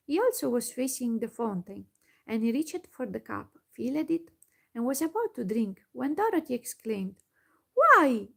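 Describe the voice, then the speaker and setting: A woman reading a storybook aloud in soft whispered storytelling, unhurried and sometimes stumbling on words. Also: a little high, gravelly. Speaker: ASMR storyteller.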